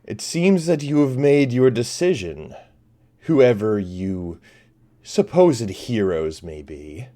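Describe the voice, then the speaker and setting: A man voicing a menacing male fire cult leader with a booming voice and grand, slow proclamations. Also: sing-song, dark tone, exaggerated voice. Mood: ominous.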